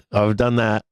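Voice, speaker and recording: A man's voice: lowish voice, darkish tone, clean tone, no echo. A man hosting a live trading stream, venting angrily and swearing about a lost trade. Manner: profane, angry and venting, with bursts of laughter. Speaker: livestream trading show host.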